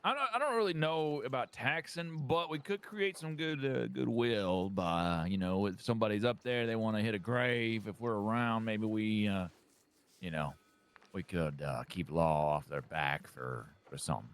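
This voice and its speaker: A man in character as a western outlaw, talking in a folksy, halting way with many fillers. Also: on the low side, clear, resonant tone. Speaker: gang member in role-play. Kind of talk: in-character western role-play.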